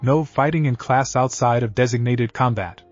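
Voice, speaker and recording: A man's voice: mid-range voice, normal speed, lightly acted. A man voicing a patient but stern male ninja teacher who lectures his class, muffled, faint music.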